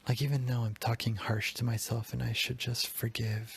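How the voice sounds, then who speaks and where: A man's voice: medium pitch, level tone, moderate pace, vocal fry, hardly any pauses, breathy edge. A man in his thirties hosting a solo confessional podcast, talking in a raw, self-critical way and swearing often. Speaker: podcast host.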